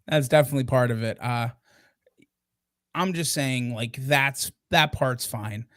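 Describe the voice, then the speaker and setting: Mid-pitched man, hesitant podcast co-host. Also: fairly bright tone, no room sound, clean studio sound. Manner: deliberate, hesitant, restarts often. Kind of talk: casual review chat. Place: live podcast recording.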